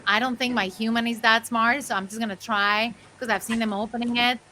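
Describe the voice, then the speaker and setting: A woman voicing an anxious, clever male house cat in an improvised comic voiceover, muttering quickly. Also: fairly high pitch, steady tone, bright, forceful tone, a little hiss or hum. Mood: fretful.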